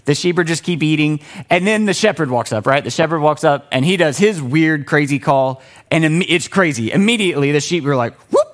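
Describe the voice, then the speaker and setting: A man preaching a sermon in a casual, animated storytelling way, often restarting his sentences. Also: on the high side, a little fast, few pauses. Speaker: pastor.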